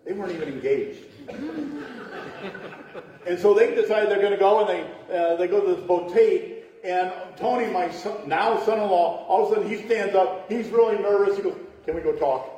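A man's voice: sits high, moderate pace, dark tone. Man preaching in a very echoey hall. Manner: chatty, laughing asides, acts out voices in stories. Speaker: pastor. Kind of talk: storytelling sermon. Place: church sanctuary. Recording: echoey church hall from far off.

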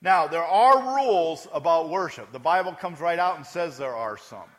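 A man preaching a sermon in a lively, conversational style, with joking asides and questions to the congregation. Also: fairly high pitch, normal speed. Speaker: pastor. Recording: echoey hall.

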